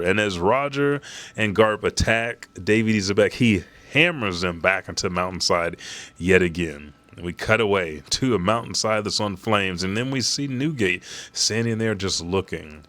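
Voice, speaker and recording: A man with a deep, low voice reads a comic chapter aloud on a live stream, narrating panels and dropping casual asides. He swears freely and talks like he's hanging out with viewers. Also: fairly bright tone, no echo. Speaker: host reading and reacting to a comic chapter. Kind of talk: casual live reaction reading.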